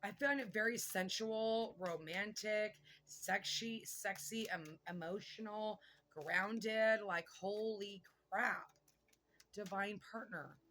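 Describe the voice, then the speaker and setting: A woman giving a casual tarot reading, chatty and excitable, thinking aloud and swearing now and then. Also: medium pitch, slow pace. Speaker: tarot reader.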